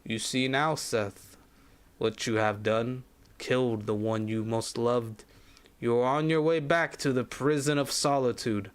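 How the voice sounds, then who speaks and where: A man's voice: mid-range voice, steady tone, measured pace, clear, resonant tone, natural voice. A man reading as a cold, cruel villain. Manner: soft, emotionless, mocking.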